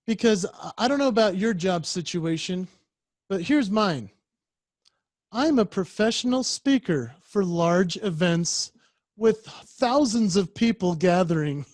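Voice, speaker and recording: A man who is a professional speaker, telling a story in a lively keynote style and acting out voices and sounds over a video call. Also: high-pitched, no room sound, clean studio sound.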